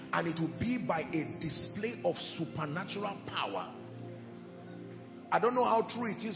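Male preacher, fiery sermon delivery, gravelly edge, dull roomy church recording. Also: high-pitched. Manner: impassioned preaching with shouted peaks. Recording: echoey hall, dull sound, music behind. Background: music.

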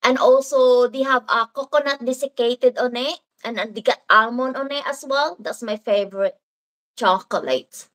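A woman's voice: on the high side, moderate pace, a bit bright, rough recording. A woman from the Philippines with a Filipino accent, hosting a casual live stream and chatting through viewer comments in a rambling way, with Filipino words mixed in. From Philippines (Davao). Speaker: livestream host.

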